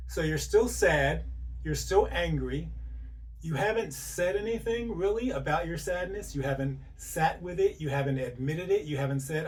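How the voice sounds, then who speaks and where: A man with a fairly high voice talks through a health topic in an easy, conversational way. He keeps checking in with "right?" and asks lots of rhetorical questions. He sounds a little away from the microphone. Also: expressive, normal speed, recorded from a distance, slight background noise. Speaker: host. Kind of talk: informal health talk to camera.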